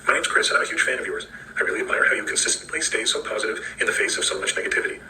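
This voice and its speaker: A man reading out a smooth, scripted question in a voice memo. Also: racing, roomy sound, background noise. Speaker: caller leaving a voice memo.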